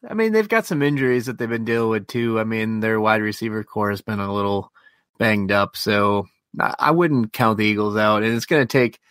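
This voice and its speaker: A man co-hosting a casual sports podcast, relaxed, giving short picks and laughing easily. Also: lowish voice, brisk, dry recording, clean studio sound. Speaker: podcast co-host.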